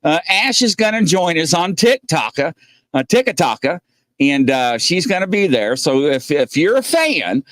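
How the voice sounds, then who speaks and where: A man's voice: a little high, very animated, measured pace, fairly bright tone, dry recording, clean studio sound. A man hosting a casual livestream, rambling and joking as he reads chat comments aloud and greets viewers. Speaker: host.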